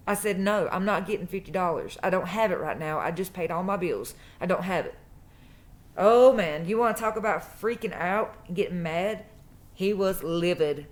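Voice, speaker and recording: A woman's voice: mid-range voice, moderate pace. Woman, mid-range voice, emphatic casual storyteller. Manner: emphatic, repeats phrases for stress. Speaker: true crime vlogger.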